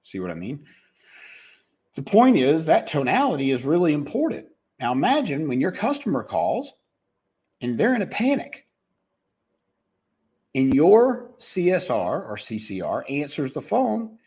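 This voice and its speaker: Animated husky man giving business advice. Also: on the high side, a little slow, pauses often. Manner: animated, acts out phone calls in voices. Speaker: business speaker.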